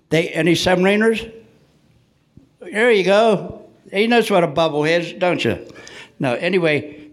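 Older man telling jokey stories. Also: fairly high pitch. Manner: jokey, punchline-driven, chatty with the audience. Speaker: Navy veteran telling stories. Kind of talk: joking live storytelling. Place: church hall, live before an audience.

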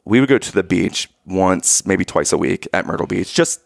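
A man in his thirties telling a family vacation story in casual chat, animated and acting out the voices of the people in it. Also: low voice, normal speed, gravelly, no echo, clean studio sound.

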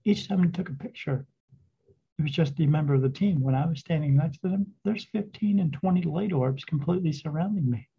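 Man, gravelly husky voice, rambling halting storytelling, dull lo-fi recording. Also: a little high. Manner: rambling, halting retelling with restarts. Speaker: spirit medium, podcast guest. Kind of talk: casual storytelling. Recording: dull lo-fi sound.

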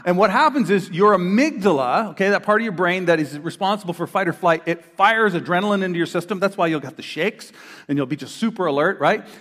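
A middle-aged male pastor preaches in a fairly high voice, acting out little quoted voices as he tells his stories. His words ring out with the long reverb of a big church hall. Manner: animated storyteller who acts out quoted voices. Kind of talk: sermon. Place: church hall before a congregation.

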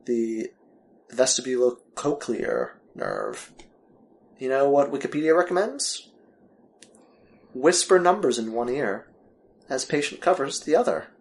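A man chatting casually as a podcast co-host. He teases his partner in a playful way, and his pitch is lively and varied. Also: measured pace, vocal fry, long pauses. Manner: teasing, playful. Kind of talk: casual chat.

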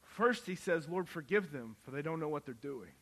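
A man preaching a sermon, moving from quiet Bible reading to loud, impassioned calls. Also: fairly high pitch, animated, a little fast. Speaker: pastor.

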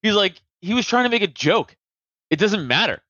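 A man chatting casually on a podcast, profane and animated, acting out comedians' jokes with a raised voice. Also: high-pitched, normal speed, dry recording, muffled recording. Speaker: podcast host.

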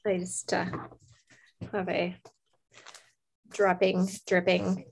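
A woman with a gravelly, creaky edge to her voice, co-hosting a spiritual podcast. She chats casually and leads a slow, gentle guided meditation. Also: lowish voice, monotone. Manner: soft, slow guiding voice in meditation. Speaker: co-host.

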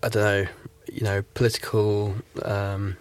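A man's voice: lowish voice, flat delivery, a little slow. An English man from South Yorkshire with a nondescript accent, giving his views as a guest in a radio studio discussion, rambling with lots of fillers. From South Yorkshire, England. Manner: rambling, heavy fillers like "you know" and "like". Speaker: guest commentator.

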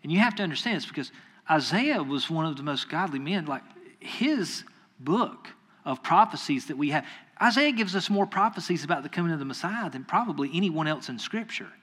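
A man's voice: a little high, lively intonation, brisk, fairly bright tone, breathy edge. A man preaching a sermon in a casual, conversational way, acting out quoted voices and tossing asides to the audience. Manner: acts out quoted voices in retellings.

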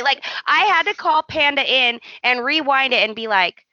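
A woman's voice: sits high, moderate pace, few pauses, dry recording, highs cut off. A woman co-hosting a podcast, chatting casually and acting out quoted lines as she tells a story. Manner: animated storytelling, acts out quotes. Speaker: podcast co-host. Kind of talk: casual chat.

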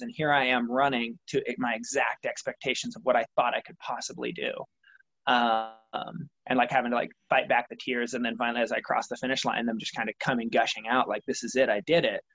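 In this reflective interview, a young triathlete talks through his motivation in a thoughtful, meandering way full of filler words. His voice is medium-pitched and a little bright, and the recording has its high frequencies cut off.

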